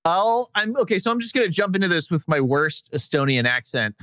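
A man's voice: a little high, moderate pace, pushed and bright, dry recording. A man hosting a podcast in casual comic chat, joking and laughing often. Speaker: podcast host.

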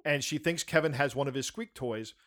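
A man telling a funny story in casual chat, animated and acting out the shouts in it. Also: mid-range voice, a little fast. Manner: animated, acts out shouts and voices in his story. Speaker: storyteller on a talk show.

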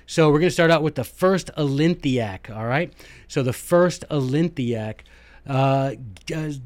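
A man hosting a podcast, talking excitedly in a casual monologue with quick restarts and emphatic asides. His voice sits at a middle pitch. The recording is dry and close, with no room sound. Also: no echo. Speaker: podcast host and former teacher.

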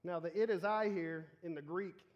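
Guy preaching, kinda high voice, jokey and animated, talks right to the church folks. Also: normal speed, highs cut off. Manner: animated, joking, talks directly to the congregation. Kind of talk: casual sermon.

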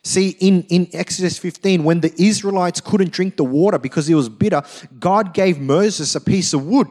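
A male preacher with a notably high voice delivers a sermon. He tells stories with animated energy, acting out quotes in different voices as he goes. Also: normal speed. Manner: animated storytelling, acts out quotes. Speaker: pastor.

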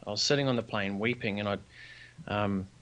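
This New Zealander talks a little fast in a fairly low voice. As a podcast guest and business founder, he recounts a personal story with earnest animation, performing the lines of dialogue he quotes.

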